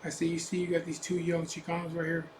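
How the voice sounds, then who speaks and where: Speaking quickly in a monotone, slightly high voice, a man shares something that happened to him. The room echoes and carries faint ambient noise, and his biker-vlogger storytelling is casual, blunt, emphatic, and profane.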